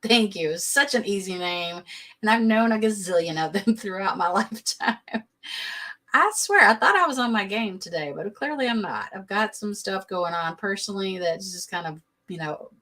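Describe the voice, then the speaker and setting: A woman's voice: medium pitch, fairly bright tone. Woman host, sassy and blunt, casual live-stream commentary. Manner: sassy, blunt, quick to laugh. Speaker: reality TV recap host.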